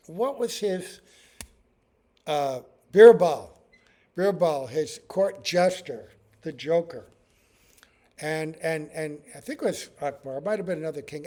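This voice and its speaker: A man's voice: on the high side, darkish tone. A man teaching a scripture class, telling stories with acted-out quotes and often asking "right?". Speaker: spiritual teacher.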